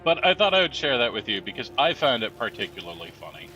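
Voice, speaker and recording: A man's voice: medium pitch, big pitch swings, fast, pushed and bright, dull audio, soft background music. A man telling rambling anecdotes with laughs while giving casual gameplay commentary. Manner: rambling, chatty storytelling with laughs. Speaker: gameplay streamer.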